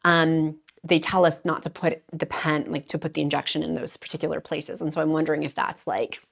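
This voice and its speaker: A woman's voice: sits low, level tone, a little fast, gravelly. Rambling, candid woman vlogger. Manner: candid, rambling, emotional, many fillers. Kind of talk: casual talk to camera.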